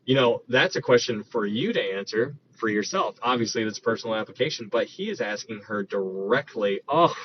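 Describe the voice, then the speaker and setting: Male Bible teacher, relaxed conversational delivery, restarts and reads verses; muffled lo-fi audio. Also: fairly low pitch, fairly quick, few pauses. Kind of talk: casual Bible study teaching. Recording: dull lo-fi recording with faint noise.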